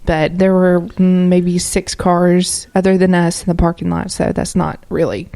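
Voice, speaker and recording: Chatty lower-voiced woman co-host. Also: flat delivery, unhurried, creaky, dark tone. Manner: chatty, rambling, with many fillers. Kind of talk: casual podcast chat.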